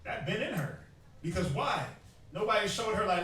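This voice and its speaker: Young guy teaching a crowd, high pitched, loud echo from far off. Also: normal speed. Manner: animated, joking, mimics people. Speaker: street teacher. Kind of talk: street teaching to a group. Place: outdoors in a city. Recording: very echoey, distant from mic.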